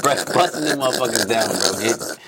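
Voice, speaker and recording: A man with a low voice, laid-back and wry, adds short remarks to a casual podcast chat. Loud crowd noise runs behind him. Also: expressive, a little fast. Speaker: podcast co-host.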